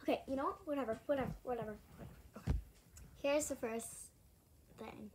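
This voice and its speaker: A woman's voice: high-pitched, fast, noisy background. A female vlogger talking casually to the camera, rambling, giggling and interrupting herself. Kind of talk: casual home vlog.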